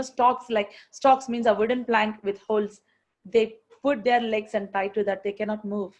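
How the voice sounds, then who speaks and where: A woman's voice: on the high side, darkish tone, dull audio. A woman preaching a sermon, emphatic, repeating her phrases and asking rhetorical questions.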